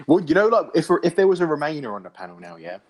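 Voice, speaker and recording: A man's voice: fairly high pitch, very animated, fast talker, a little mellow. Probing male host of a panel debate. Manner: challenging, probing questions, stammering restarts. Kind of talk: live online panel debate.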